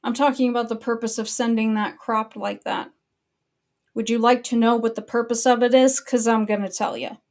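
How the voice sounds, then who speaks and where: A woman with a voice on the higher side runs her own commentary stream. She speaks casually and bluntly, and swears freely in a sustained annoyed rant. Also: steady tone, moderate pace, darkish tone. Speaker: online commentary host.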